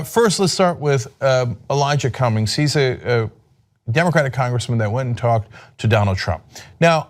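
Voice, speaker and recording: A man hosting an opinionated news commentary show, talking in a sarcastic, mocking way as he reads quotes and picks them apart. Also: mid-range voice. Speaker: political commentary host.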